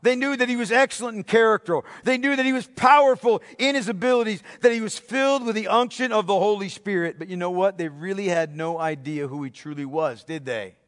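A man preaching a sermon as pastor, emphatic, asking the congregation rhetorical questions and dropping to a hushed voice for effect. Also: high-pitched, brisk, hardly any pauses, long reverb tail. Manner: dramatic drops to a hushed voice.

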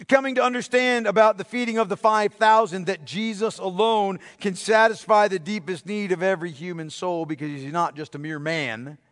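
A man preaching a sermon as pastor, emphatic, asking the congregation rhetorical questions and dropping to a hushed voice for effect. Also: sits high, big-room sound. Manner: dramatic drops to a hushed voice.

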